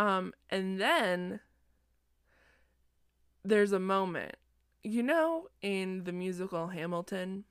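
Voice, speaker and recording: A woman's voice: medium pitch, slow pace, pauses often, clear, resonant tone, no echo, clean studio sound. A sleepy young woman recapping a book in a chatty, self-deprecating, digressive way, recorded at home at night. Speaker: podcast host.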